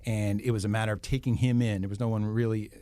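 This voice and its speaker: A man's voice: lowish voice, little pitch movement, fast talker, warm tone, no room sound. A middle-aged man with a New Jersey accent, a guest speaking in a casual interview, often repeating words as he restarts. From northern New Jersey. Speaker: guest, police foundation leader.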